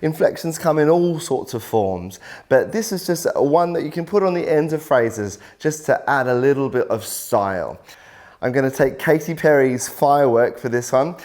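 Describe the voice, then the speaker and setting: A man's voice: medium pitch, lively intonation, moderate pace, a little mellow. Man coaching singing, encouraging. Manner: encouraging, explains clearly, step by step. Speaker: vocal coach. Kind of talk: video workshop instruction.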